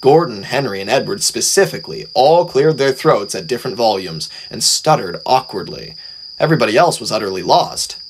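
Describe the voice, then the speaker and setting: A man narrating a storybook, reading in a lively, expressive way. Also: mid-range voice, brisk, slight background noise.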